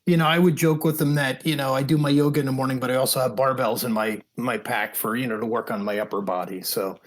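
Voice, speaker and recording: A man, a podcast guest, telling hiking stories in an animated, chatty way and often laughing. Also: medium pitch, quick pace. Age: older. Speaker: podcast guest, thru-hiker. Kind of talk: casual storytelling interview.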